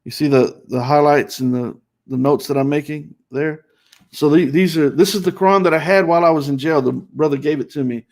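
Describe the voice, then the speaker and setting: A man's voice: on the high side, a little fast, a little mellow. Earnest man telling his story with restarts. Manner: earnest, repetitive, emphatic with many restarts. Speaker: host. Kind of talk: personal testimony on a live stream.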